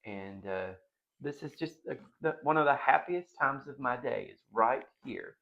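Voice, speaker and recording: Middle-aged male vlog host, gravelly voice, rambling and giggly, dull lo-fi home recording. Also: medium pitch, lively intonation, measured pace. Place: dining room at home.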